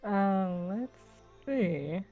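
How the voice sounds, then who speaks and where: A woman's voice: medium pitch, lively intonation, drawn-out words, phone-quality sound, soft background music. A woman joining a casual read-along as guest, teasing and laughing often. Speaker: co-reader guest.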